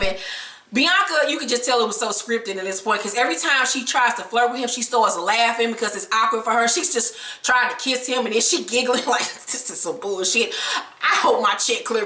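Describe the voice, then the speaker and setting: A woman's voice: fairly high pitch, bright, forceful tone, roomy sound, recorded from a distance, poor audio. Blunt, gossipy woman recapping TV. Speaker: reality TV recap host. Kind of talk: sassy episode recap commentary.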